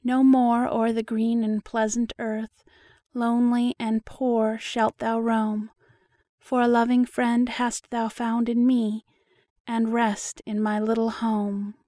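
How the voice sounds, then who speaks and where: Sweet soft clover flower from a storybook, tender and slow, read by a woman. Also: fairly high pitch, level tone, no echo, clean studio sound. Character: kind, gentle female clover blossom.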